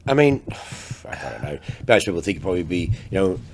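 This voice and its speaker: A man's voice: sits low, fairly quick, slight background noise. An Australian man, a luxury car salesman, telling stories on a casual podcast, swearing constantly and full of energy. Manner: profane, animated storyteller.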